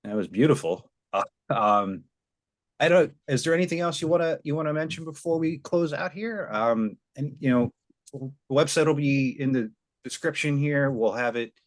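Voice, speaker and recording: A man's voice: a little high, animated, normal speed. Hesitant male podcast host. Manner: hesitant, many fillers. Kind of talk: casual chat.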